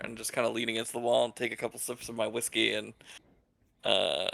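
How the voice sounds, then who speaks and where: A man's voice: mid-range voice, little pitch movement, fairly quick, gravelly, bright, forceful tone. A man playing a tabletop role-playing game, talking casually and asking questions. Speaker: player.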